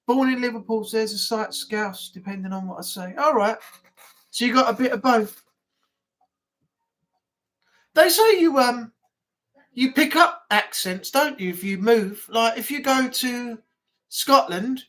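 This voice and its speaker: Speaking in a mid-range voice with a fairly bright tone, a host with a broad northern English accent casually chats to viewers on a livestream. Talk wanders along with lots of fillers and repeated words.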